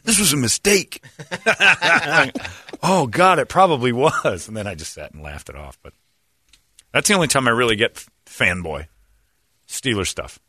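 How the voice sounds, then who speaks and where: A man in his forties, a radio show host, telling casual stories on a podcast and breaking into loud high impressions and shouts. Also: big pitch swings, moderate pace, long pauses, no room sound, clean studio sound. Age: 40s.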